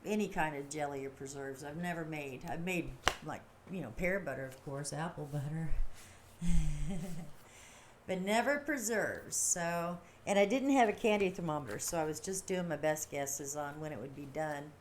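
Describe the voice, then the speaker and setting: A woman's voice: sits low, normal speed, a little hiss or hum. A middle-aged woman hosting a livestream, talking casually in a rambling, chatty way and laughing often. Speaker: livestream host. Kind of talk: casual chat.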